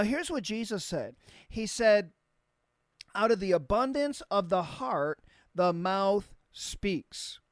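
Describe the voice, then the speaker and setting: A pastor delivering a sermon in a mid-pitched voice, dry and close with no room sound. The delivery is emphatic, with key phrases repeated and words spelled out letter by letter. Slow, stressed lines alternate with quick runs. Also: no echo.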